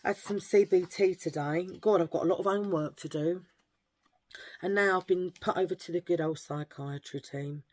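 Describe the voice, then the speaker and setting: A woman's voice: lowish voice, normal speed, a little mellow. A woman chatting to camera as a beauty vlogger, rambling and telling cheesy jokes. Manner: chatty, jokey, rambling asides. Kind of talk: casual chat to camera.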